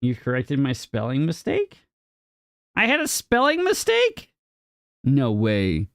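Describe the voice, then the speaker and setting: A man's voice: mid-range voice, huge pitch swings, slow, a bit bright, no room sound, clean studio sound. A young man live-streaming a game, chatting casually with his viewers and teasing them in a playful, mock-indignant way, his voice jumping up on questions. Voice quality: gravelly. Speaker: livestreamer. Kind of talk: casual live-stream chat, reading and answering chat.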